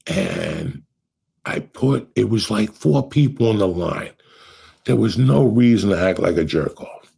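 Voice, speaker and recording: A middle-aged man hosting a podcast, telling stories in a profane, animated way and acting out what people said. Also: lowish voice, measured pace, vocal fry, breathy edge. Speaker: podcast host. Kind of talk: casual storytelling chat.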